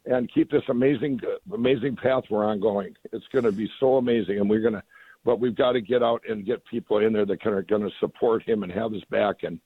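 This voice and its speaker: A man's voice: lowish voice, steady tone, a little fast, slightly rough, dry recording. A middle-aged man being interviewed over the phone, rambling and enthusiastic, with lots of restarts. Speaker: guest. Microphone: phone line. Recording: tinny dry phone line.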